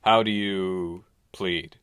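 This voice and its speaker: A man's voice: low voice, steady tone, drawn-out words, fairly bright tone, smooth, no room sound, studio quality, heavily acted. A man voicing a stern judge reading charges in a formal tone.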